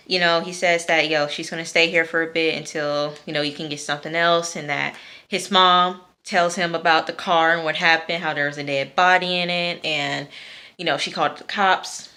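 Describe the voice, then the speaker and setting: A young woman recapping a TV episode for her viewers in a chatty, animated way, full of fillers and blunt cursing. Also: sits low. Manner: many fillers, outbursts of cursing. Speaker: TV episode reviewer. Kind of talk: casual episode recap to camera.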